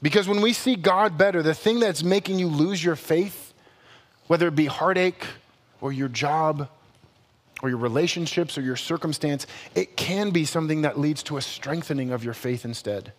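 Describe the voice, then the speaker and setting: High-voiced pastor man in a reverberant hall. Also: moderate pace. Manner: conversational, animated, self-correcting humor. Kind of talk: sermon.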